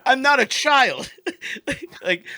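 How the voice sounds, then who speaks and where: A man in his late thirties co-hosting a podcast, ranting in casual chat, animated and profane, acting out little voices as he goes. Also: very high-pitched, slow pace, no echo, clean studio sound. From United States. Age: late 30s. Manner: animated, profane, acts out voices mid-rant. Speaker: podcast co-host.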